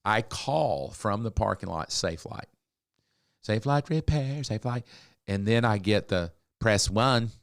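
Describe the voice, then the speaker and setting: Lowish man in his sixties. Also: unhurried, gravelly, few pauses, no room sound, clean studio sound. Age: 60s. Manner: animated storyteller, acts out quotes. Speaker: podcast co-host. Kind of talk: casual storytelling chat.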